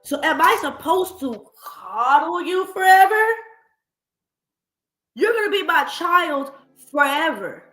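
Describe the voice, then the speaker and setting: A woman giving blunt, profane reaction commentary, animated and mocking. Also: very high voice, takes it slowly, long pauses, reverberant, soft background music. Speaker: streamer commentator.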